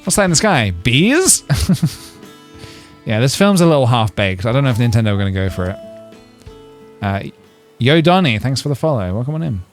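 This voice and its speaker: A man in the middle of a casual game stream, jokey and rambling as he chats with viewers. His pitch rises and falls a lot. Faint music plays underneath his voice. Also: very animated, moderate pace, long pauses. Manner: playful, jokey, rambling with frequent laughs and fillers. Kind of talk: casual gameplay livestream chat.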